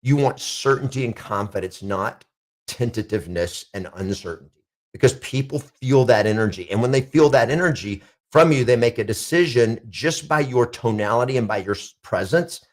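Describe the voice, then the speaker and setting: A man's voice: medium pitch, animated, moderate pace. Emphatic male real estate coach. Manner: emphatic, repeats declarations with rising intensity. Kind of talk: motivational coaching talk.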